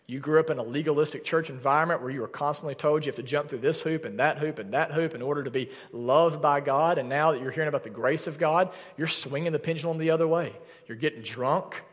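A man's voice: on the high side, quick pace, hardly any pauses, big-room sound, lo-fi sound. A young adult man preaching a sermon as pastor, addressing the congregation directly and earnestly. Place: church sanctuary.

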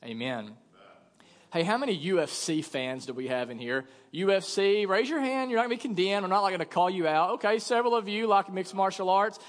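A young man preaching from the pulpit in a high voice, spinning a funny, animated story and playing out each line of dialogue. His voice rings through a church hall with a long reverb tail. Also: fast talker, hardly any pauses. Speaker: pastor. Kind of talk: sermon with storytelling.

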